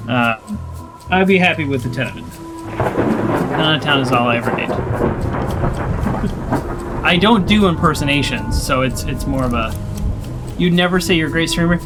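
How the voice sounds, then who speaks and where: A man casually commenting as he plays on a livestream. He is chatty, self-deprecating, and laughs often. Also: on the high side. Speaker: game streamer. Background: game music.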